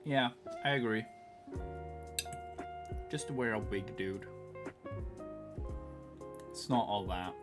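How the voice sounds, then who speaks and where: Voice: medium pitch, takes it slowly, long pauses. A streamer from Sweden, chatting casually and profanely to a live audience from home. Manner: loose and profane, talks to chat and to a pet. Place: home room. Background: music.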